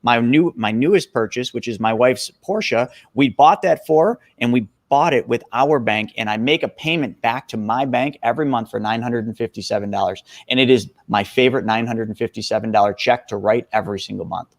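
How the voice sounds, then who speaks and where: A man's voice: medium pitch, a little fast, hardly any pauses, no room sound. A man in his forties, a guest expert on a podcast interview, talking with energy and emphasis and calling the listeners folks. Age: 40s.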